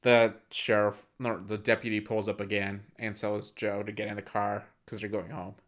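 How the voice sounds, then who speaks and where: Young dude, lowish voice, recapping movie scenes on a podcast, loads of fillers. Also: male voice, little pitch movement, moderate pace, a bit bright. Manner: retells scenes, acting out lines, filler-heavy. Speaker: podcast co-host. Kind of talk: casual movie chat.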